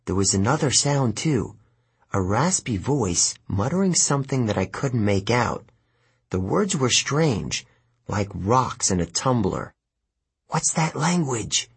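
A man narrating a novel as an audiobook in an expressive storytelling manner. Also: lowish voice, measured pace, slightly rough.

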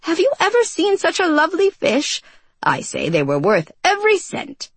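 A man's voice: very high-pitched, wildly swooping pitch, moderate pace, a bit bright, no echo, pitched above the performer's own voice, full character voice. Woman voicing Mizar, a lilting, amused servant. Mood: amused, polite. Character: cheerful, unflappable male servant, amused by his master.

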